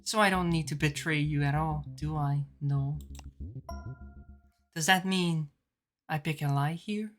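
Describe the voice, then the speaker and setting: A streamer voicing a guarded, ruthless woman from a game, speaking in a calm, measured, quietly cold way. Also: low-pitched, soft background music. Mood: musing. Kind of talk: reading game dialogue aloud.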